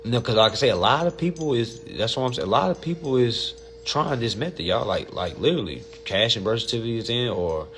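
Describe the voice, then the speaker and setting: A man's voice: mid-range voice, lively intonation, a little fast, few pauses, a bit bright, slight background noise. A man hosting a casual livestream and answering viewer questions, blunt and profane, and often calling his listeners family.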